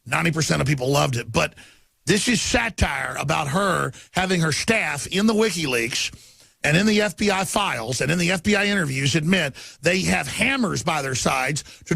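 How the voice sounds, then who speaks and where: A man's voice: on the high side, lively intonation, normal speed, gravelly, pushed and bright, slightly rough, dry recording. A man hosting a talk radio show, delivering an emphatic, ranting monologue into a studio mic.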